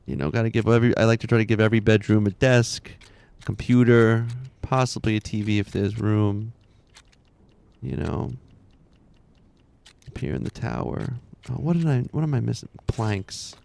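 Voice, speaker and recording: A man's voice: lowish voice, moderate pace, gravelly, darkish tone, no room sound. A man in his thirties chatting casually while streaming a game, rambling, laughing often and muttering to himself.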